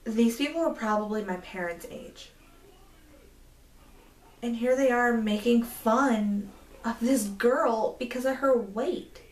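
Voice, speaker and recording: A woman's voice: on the high side, echoey room, distant mic. A woman in her twenties telling a story to camera, indignant and rambling, with many fillers. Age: 20s. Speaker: vlogger. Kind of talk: storytime vlog.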